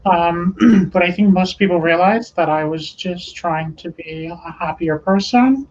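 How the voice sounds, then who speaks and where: A woman speaking as an interview guest, measured and pausing often with "um". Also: on the low side, a little mellow, muffled recording. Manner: measured, with frequent "um" pauses. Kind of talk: interview conversation.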